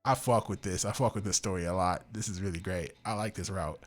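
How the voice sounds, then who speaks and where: A man's voice: deep voice, fairly even intonation, brisk, faint music behind. A young man playing a visual novel game, reading it aloud and adding blunt reactions. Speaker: gaming YouTuber. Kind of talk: let's play narration and commentary.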